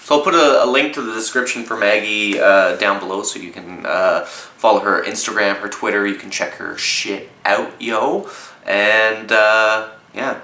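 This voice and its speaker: A man's voice: fairly low pitch, a little slow, sharp tone, roomy sound, slight background noise, poor audio. A man with a Canadian accent reviewing zines in an enthusiastic, chatty vlog, swearing casually now and then. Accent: Canadian English. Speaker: zine reviewer.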